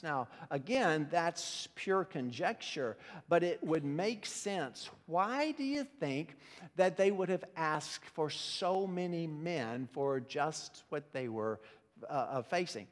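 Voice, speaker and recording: A man's voice: sits high, expressive, slow pace. A man preaching a sermon as pastor, teaching in a conversational way with frequent restarts. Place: church sanctuary. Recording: long reverb of a church hall.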